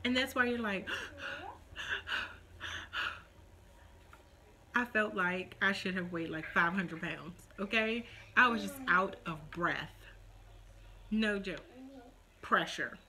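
Animated young woman chatting to camera. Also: mid-range voice, unhurried, a little hiss or hum. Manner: animated, dramatic, mock-quoting others. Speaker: vlogger. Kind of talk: casual chat to camera.

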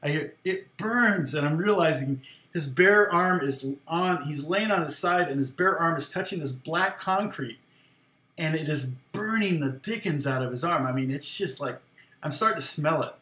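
This man's fairly high voice is pushed and bright, moving at a moderate pace in a roomy space. A guitar teacher and ex-worship leader, he casually rambles through a long personal anecdote, laughing frequently and voicing what others said.

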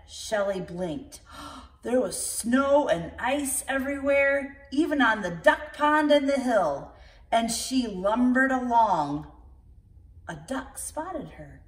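Expressive woman reading a children's story. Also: a little high, slow pace. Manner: gentle, expressive. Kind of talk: reading a picture book to children. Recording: roomy, from far off.

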